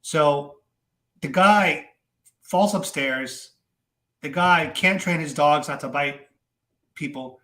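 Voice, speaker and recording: A man giving casual political commentary to his viewers, animated and chatty with many fillers and repeats. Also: a little high, slow, pauses often, roomy sound.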